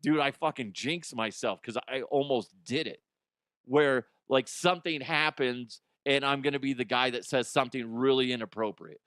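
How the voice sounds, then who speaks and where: A man's voice: mid-range voice, moderate pace, a bit bright, no echo, clean studio sound. A man hosting a podcast, telling stories in rambling, profane casual chat and often laughing at himself. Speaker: podcast host.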